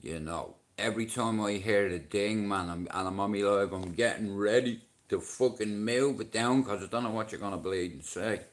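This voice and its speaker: A man's voice: fairly low pitch, normal speed, hardly any pauses. A middle-aged man with a Dublin Irish accent, chatting on his livestream, swearing freely and bantering with viewers. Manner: profane, banters with chat and shouts at commenters. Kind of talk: casual livestream chat.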